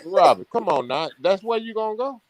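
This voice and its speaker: Man, live stream panelist, probing, lively up-and-down voice. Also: high-pitched, fairly quick, vocal fry. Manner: probing, questioning, laughs easily. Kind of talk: casual live stream talk.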